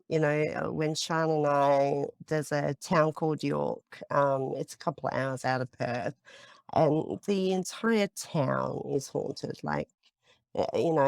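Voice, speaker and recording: A woman with a gravelly, low voice tells ghost stories at an unhurried pace. She talks chattily, full of fillers, as a psychic investigator on a podcast panel. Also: dry recording, studio quality. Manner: chatty storytelling with many fillers. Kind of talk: casual podcast roundtable chat.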